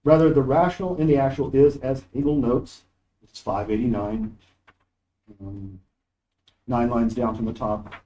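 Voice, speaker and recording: Unhurried and pausing often, this man speaks in a warm, mid-range voice with fairly even intonation while lecturing on philosophy in a university classroom. He's emphatic and discursive and reads quoted passages aloud. The lo-fi sound came from recording with no microphone, cleaned up afterward.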